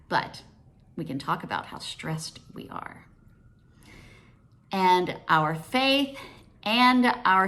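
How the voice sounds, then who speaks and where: A woman's voice: mid-range voice, a bit bright. A woman giving a casual devotional talk as a Christian speaker and teacher, conversational, acting out dialogue in quoted voices.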